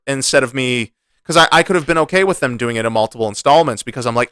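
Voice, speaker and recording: A man co-hosting a casual gaming podcast, ranting in a frustrated, animated way with many restarts. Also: medium pitch, fast talker, hardly any pauses, clean tone, no echo. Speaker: podcast co-host.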